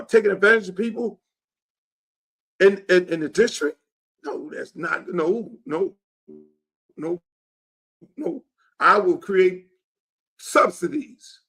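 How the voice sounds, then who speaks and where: A man's voice: high-pitched, fairly bright tone. A man hosting his own show and talking about his run for office in an emphatic, blunt, profane and repetitive way. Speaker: show host and political candidate. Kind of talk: casual political monologue.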